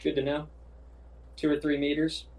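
A man's voice: a little high, monotone, moderate pace, darkish tone. Male player, casual and joking, mid-range voice. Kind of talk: casual tabletop game chat.

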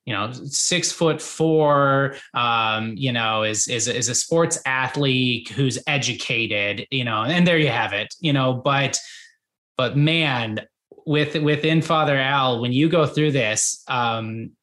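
A man's voice: mid-range voice, slow, sharp tone. A man hosting a podcast, asking long, meandering questions full of fillers. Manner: rambling questions with many fillers. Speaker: podcast host. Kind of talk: conversational interview.

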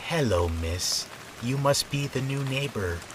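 A man voicing a frail old female neighbor with a damaged smoker's voice, who talks in a slow sing-song. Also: medium pitch, animated, recorded from a distance, a little hiss or hum, pitched above the performer's own voice. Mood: creepy. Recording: soft rain behind.

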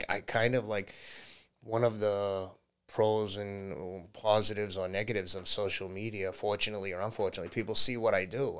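Low-voiced man, runner guest on a podcast, candid and easygoing, laughs between points. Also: pushed and bright, clean tone. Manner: candid, laughs often, slips into quoted voices. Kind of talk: casual interview talk.

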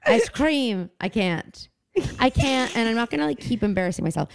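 A woman's voice: on the high side, expressive, a little fast, vocal fry, slight background noise. A young woman co-hosting a casual podcast, telling stories animatedly with lots of fillers and laughs. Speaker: podcast co-host. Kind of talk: casual chat.

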